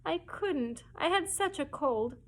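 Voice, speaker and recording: A woman's voice: a little high, normal speed, close to an everyday voice. Woman reading as Anne Shirley, a dramatic girl. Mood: tearful. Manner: breathless, anguished pleading. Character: imaginative, dramatic orphan girl, about eleven.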